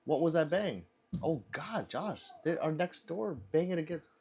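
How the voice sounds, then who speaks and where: A man hosts a casual livestream and answers his chat in an offhand, profane way. His voice sits a little high and swings up and down a lot. He laughs often between remarks. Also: normal speed, vocal fry, a little hiss or hum. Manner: animated, laughs often, swears freely. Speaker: livestream host reading chat.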